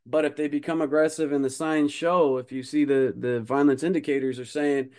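A man's voice: fairly high pitch, steady tone, a little fast, darkish tone. A man hosting a self-defense podcast, talking casually in a rambling way with lots of fillers and jokes. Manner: rambling, many fillers, joking. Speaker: podcast host, martial arts instructor.

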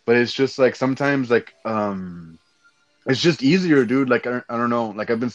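Faint music plays behind this lo-fi recording of a young Texan man with a Mexican-American accent. Speaking at normal speed in a medium pitch, he drifts through loose, relaxed podcast talk, cursing casually and dropping "dude" often.

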